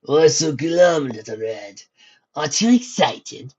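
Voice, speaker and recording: A man voicing a menacing, mocking male pony warlord, louder and higher than his narration, with a husky tone on a dull lo-fi recording. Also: lively intonation, slow, heavily acted. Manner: mocking, coy sneer.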